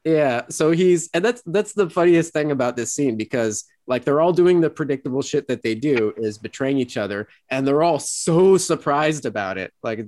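A man co-hosting a podcast, recapping an episode in a rambling casual way and acting out quoted lines in high voices. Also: lively intonation, moderate pace, few pauses, a little mellow, no room sound. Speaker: podcast co-host.

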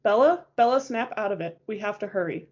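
A woman reading an audiobook voices a sharp, commanding young woman who speaks in a clipped, cutting way. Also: medium pitch, animated, a little fast, highs cut off, natural voice. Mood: urgent.

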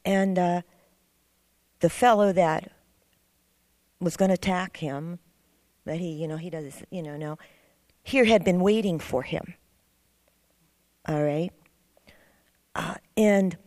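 Woman, middle-aged, low mellow voice, dry close sound, rambling earnest testimony. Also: no echo. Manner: rambling, earnest storytelling with restarts. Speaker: class member sharing a testimony. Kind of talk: personal testimony in a church class.

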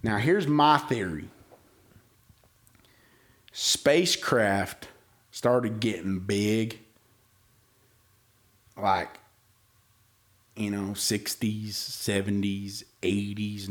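A man's voice: fairly low pitch, a bit bright. A man co-hosting a casual podcast, unhurriedly spinning theories in easygoing, slangy talk. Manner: drawn-out, speculative storytelling with Southern slang. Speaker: podcast co-host. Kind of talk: casual chat.

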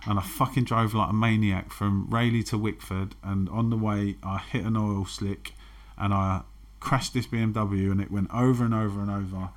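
A man's voice: on the low side, fairly even intonation, normal speed. A man, frankly telling his own recovery story and swearing freely. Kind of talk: candid personal testimony.

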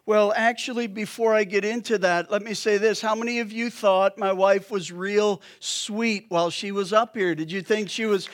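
A man's voice: high-pitched, steady tone, normal speed, hardly any pauses. A male pastor preaching a sermon in a conversational way, with joking asides to the congregation.

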